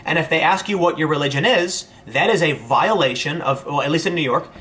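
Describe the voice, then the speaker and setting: A man's voice: a little high, fairly quick, bright, forceful tone. A man, hosting a casual livestream and answering viewer messages in a rambling way, full of fillers and restarts. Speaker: host reading viewer chat.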